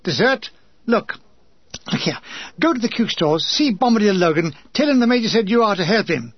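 A man's voice: high-pitched, expressive, normal speed, slightly rough, dry recording, lo-fi sound. A man voicing a blustering, sniffing older army major who talks curtly and stammers over his words. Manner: curt, stammering repetition.

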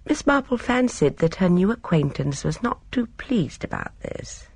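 A woman reading a novel aloud as a narrator, in measured storytelling. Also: fairly low pitch, big pitch swings, creaky, a little mellow, breathy edge, dry recording. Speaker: audiobook narrator. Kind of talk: scripted narration.

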